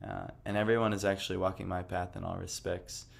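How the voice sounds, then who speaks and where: A man's voice: sits low, flat delivery, fairly quick, gravelly. A man giving a casual personal testimony talk, rambling with lots of fillers and a self-amused tone. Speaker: devotional speaker.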